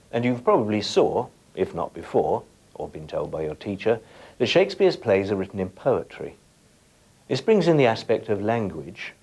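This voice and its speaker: A man's voice: on the low side, darkish tone. A middle-aged man giving a scripted lesson as a teacher, addressing viewers directly and setting them tasks. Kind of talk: scripted educational presentation.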